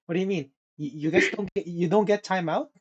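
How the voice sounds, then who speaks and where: A young man casually telling a story on a podcast, animated, swearing and laughing often. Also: high voice, brisk, highs cut off, noisy background. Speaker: podcast co-host.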